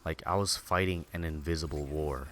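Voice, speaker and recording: While streaming a game, a man with a very deep, fairly bright voice vents bitterly in rambling casual chat, heavy with filler words and swearing. His intonation is fairly even and his pace moderate, with a little hiss or hum in the audio.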